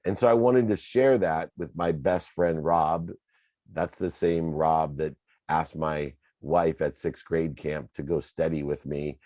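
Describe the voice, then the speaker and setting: A man in his fifties with a low, mellow voice tells his own life story as a motivational speaker. He speaks in an earnest, confessional way. The sound is close and dry, with no room echo. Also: steady tone, measured pace. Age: 50s. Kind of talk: personal storytelling talk.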